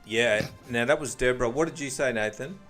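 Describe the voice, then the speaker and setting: A man hosts a casual quiz game for a podcast, with a voice of middling pitch. He reads each clue plainly and then drifts into jokes and banter with the players. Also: brisk, fairly bright tone, soft background music. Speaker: quiz host.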